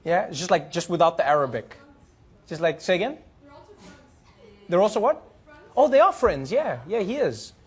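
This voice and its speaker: A man's voice: sits high, moderate pace, long pauses, husky. A man, a comedian host, chatting casually and telling stories to a studio audience. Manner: chatty, animated storytelling.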